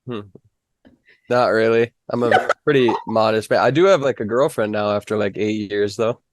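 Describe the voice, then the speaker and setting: A man's voice: fairly low pitch, normal speed, no echo, clean studio sound. A young man from the Fargo area, a weather reporter and guest, talking in a modest, easygoing way full of "like". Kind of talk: casual interview.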